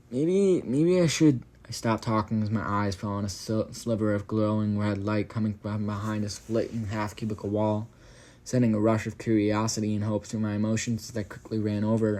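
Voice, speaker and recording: A man with a fairly low, flat voice reads a first-person horror story aloud. He often stumbles and restarts a phrase, then drops into loose, profane asides to the listener in the same level tone. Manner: stumbles and corrects himself while reading.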